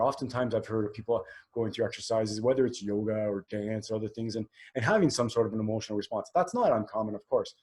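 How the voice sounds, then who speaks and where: A man's voice: medium pitch, a little mellow. A man in his forties hosting a solo podcast, talking candidly and rambling, with many fillers and restarts. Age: 40s. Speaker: podcast host.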